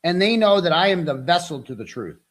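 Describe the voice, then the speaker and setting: A frustrated, overwhelmed man hosts a livestream and delivers an angry rant that is profane, combative and taunting. His voice is a little high, with big pitch swings and a brisk pace.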